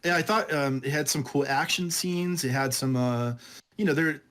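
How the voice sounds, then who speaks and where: Man, fairly high voice, casual podcast chat, rambling, laughs a lot. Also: normal speed, a bit bright. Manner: chatty, rambling, laughs often, says dude. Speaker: podcast co-host. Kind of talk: casual book review chat.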